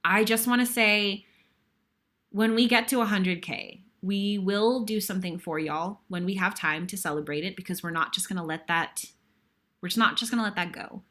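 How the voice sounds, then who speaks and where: A woman's voice: medium pitch, moderate pace, sharp tone. A young woman guest-hosting a web show, thanking viewers in an effusive, rambling, casual sign-off. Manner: effusive, grateful, rambling and self-deprecating. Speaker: guest host.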